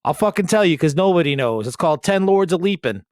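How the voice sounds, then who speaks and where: A man's voice: fairly high pitch, animated, quick pace, no room sound, clean studio sound. A man hosting a podcast in casual comedic chat, reading a post aloud with sarcastic, profane asides. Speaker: podcast host.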